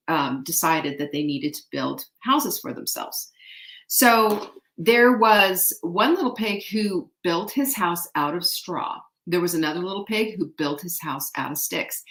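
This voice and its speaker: Chatty woman retelling a folk tale. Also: medium pitch. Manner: animated, chatty, keeps asking the audience guess what. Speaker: show host. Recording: echoey room.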